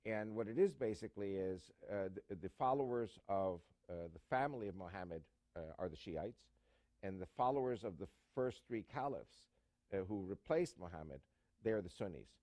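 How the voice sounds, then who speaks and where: A man's voice: on the low side, animated, normal speed, warm tone, no room sound. A man answering questions as a guest in an interview, emphatic and full of fillers and jokes.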